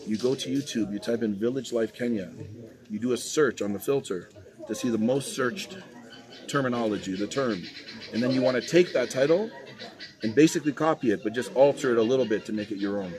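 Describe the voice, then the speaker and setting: A man's voice: medium pitch, fairly quick. Guy giving straight-up video advice, upbeat and direct, crowd noise all around. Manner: direct, encouraging, animated. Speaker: YouTube coach giving advice. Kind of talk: casual coaching chat.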